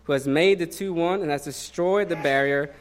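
A male preacher in his thirties talking through a sermon like a conversation. His voice sits a little high, and he tells personal stories loosely, with plenty of "you know" along the way. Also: normal speed. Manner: conversational, personal storytelling with many fillers.

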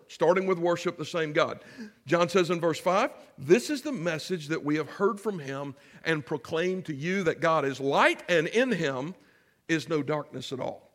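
A man's voice: a little high, in a large hall. A man preaching a sermon as pastor, emphatic and speaking directly to his congregation.

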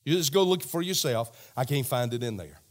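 A man's voice: medium pitch, expressive, fairly quick, close to an everyday voice. Brief: defiant male reformer monk, firm and plain, a preacher doing the voice.

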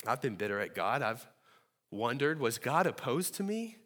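A man's voice: medium pitch, big pitch swings, normal speed, fairly bright tone, in a large hall. A man preaching a sermon to his congregation, earnest and rising to a pleading tone when voicing prayers. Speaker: pastor. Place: church sanctuary.

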